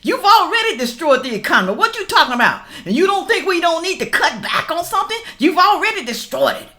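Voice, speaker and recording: A woman giving a casual reaction commentary, talking straight to her viewers in an animated, ranting way and laughing between remarks. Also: very high voice, fast talker. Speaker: political reaction vlogger.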